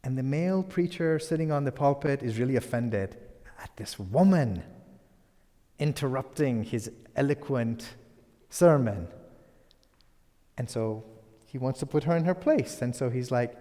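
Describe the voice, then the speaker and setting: A man giving a public lecture, soft and deliberate, his phrases often trailing into near-whispers. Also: medium pitch, expressive, in a large hall.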